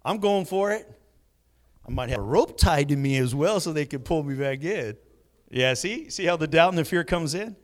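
A man preaching a sermon, swinging between hushed moments and loud bursts. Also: on the high side, animated, moderate pace. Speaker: pastor.

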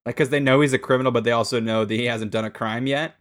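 Bright, jokey podcast co-host man. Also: mid-range voice, fairly even intonation, fast talker. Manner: jokey, playful. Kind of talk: casual chat.

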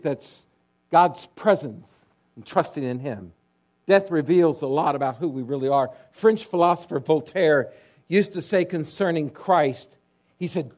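A male pastor preaching a sermon, telling stories with drama, dropping to a hush and then rising loud. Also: on the high side. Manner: dramatic storytelling, swinging between hushed and loud.

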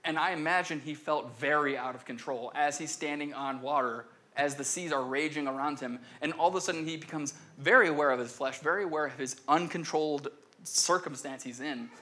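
A man's voice: fairly high pitch, sharp tone. A young man giving a casual, conversational sermon, often acting out voices in the story and restarting his sentences. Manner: conversational, acts out quoted voices, frequent restarts. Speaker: pastor.

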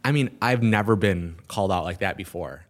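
Animated storytelling man. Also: deep voice, brisk. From Minnesota. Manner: lively storyteller who acts out quoted dialogue. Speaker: guest entrepreneur.

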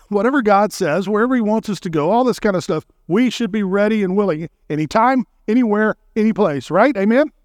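Male guest preacher, emphatic sermon, checks in with listeners, slightly high voice, dry close sound. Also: animated, no echo. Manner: slows to recite hymn and scripture lines.

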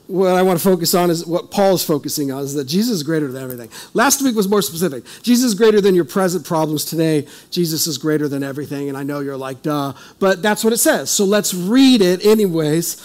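A pastor preaching at a church service with a rather high voice. He talks with the congregation in a conversational way, asking them questions, and slows right down to stress each word when he reads scripture. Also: a little mellow. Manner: reads scripture slowly with emphasis. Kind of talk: sermon.

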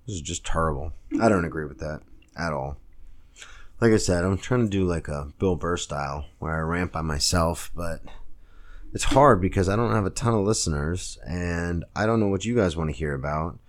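A man's voice: low-pitched, moderate pace. A young man, a stand-up comic hosting his own podcast, telling a rambling story full of fillers, talking alone at home. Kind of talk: casual solo podcast rant. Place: home room, girlfriend nearby.

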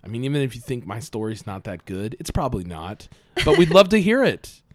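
A man's voice: medium pitch, very animated, fairly quick, no echo, clean studio sound. A man hosting a casual podcast, joking and teasing his co-host as he talks.

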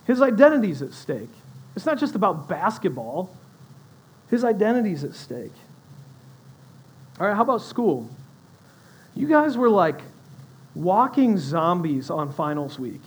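High-voiced man preaching conversationally. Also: a little slow, long pauses, slightly rough, low-quality recording. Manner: conversational preaching to students, animated asides. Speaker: pastor. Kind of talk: sermon.

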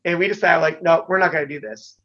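Middle-aged ex-wrestler guest, high-pitched man, rambling and filler-heavy, dull lo-fi sound. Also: fast. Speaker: former pro wrestler, guest. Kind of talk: casual storytelling.

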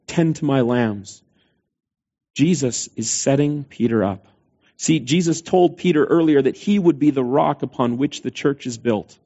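A man's voice: mid-range voice, dark tone, dull audio. A man preaching a sermon, retelling scripture in a conversational way with quoted dialogue. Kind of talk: sermon storytelling.

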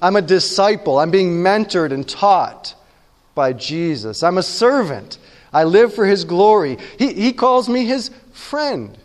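A pastor giving a conversational sermon, often checking in with the room with quick questions. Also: male voice, sits high, lively intonation, long reverb tail.

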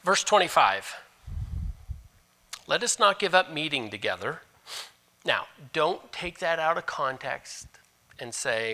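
A man preaching a sermon as pastor, animated, moving between loud emphasis and hushed asides. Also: fairly high pitch, slow, long pauses.

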